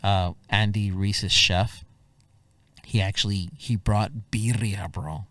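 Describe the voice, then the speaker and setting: A man who is a singer-songwriter, a guest telling lively anecdotes in a casual interview and peppering them with "bro". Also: on the low side, slow pace, no room sound. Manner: animated anecdotes, keeps saying "bro". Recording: dry voice, far from the mic.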